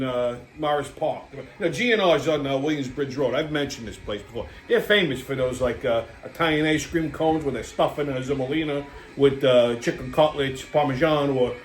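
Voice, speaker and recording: A man's voice: mid-range voice, expressive, normal speed, soft background music. A man from Brooklyn with a New York accent, rambling bluntly through a casual, profane monologue as the channel's host. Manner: rambling, blunt, heavy swearing, lots of fillers.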